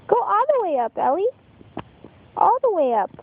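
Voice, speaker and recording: A woman talking baby talk to a toddler in a very high, lively, sing-song voice, drawn out slowly. It is caught on a phone with a dull, lo-fi sound and faint background noise. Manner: sing-song, coaxing and encouraging. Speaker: parent or caregiver filming a toddler. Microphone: phone camera.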